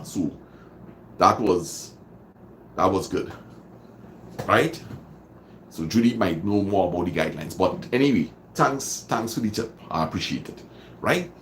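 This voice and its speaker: Hosting a motivational livestream, a Trinidadian man welcomes his viewers and repeats lines dramatically to drive them home. He has a low voice, with slight background noise behind it.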